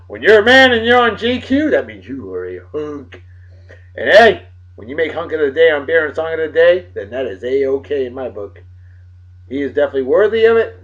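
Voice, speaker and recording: A man in his forties hosting a casual beer review vlog, with loud, joking, exclamatory banter. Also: medium pitch, highs cut off. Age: 40s.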